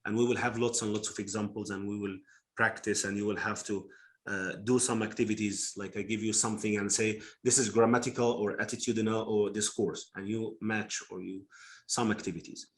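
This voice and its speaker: A male phonetics teacher explaining slowly to a class, with many fillers and repeated words. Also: on the low side, level tone. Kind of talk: live online class teaching.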